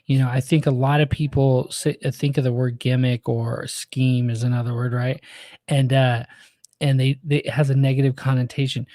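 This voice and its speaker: A man hosts the interview in a loose, rambling way, full of fillers and side remarks. His voice is mellow and warm, and the recording is dry and close, with almost no room sound. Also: medium pitch, little pitch movement, normal speed, no room sound. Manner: casual, rambling, lots of fillers. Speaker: host.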